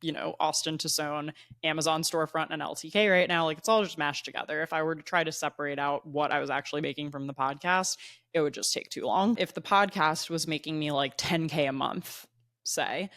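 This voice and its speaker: A woman's voice: deep voice, brisk, fairly bright tone, dry recording. Chatty young woman podcaster, dry sound. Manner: chatty, says "like" often. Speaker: podcast host. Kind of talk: casual solo podcast talk. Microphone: plugged-in microphone at a laptop.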